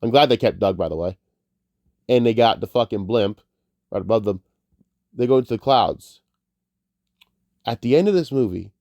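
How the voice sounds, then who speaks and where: A man's voice: fairly low pitch, animated, moderate pace, pauses often, dark tone, no echo, studio quality. Tearful, profane male movie reviewer. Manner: emotional, profane, rambling. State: tearful, crying. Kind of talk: casual spoken movie review.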